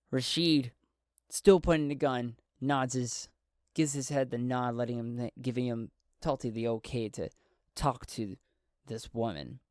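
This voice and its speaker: Slow-talking man narrating a solo RPG. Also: medium pitch, dry recording, clean studio sound. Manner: relaxed, thinking aloud. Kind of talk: narrating a solo tabletop game.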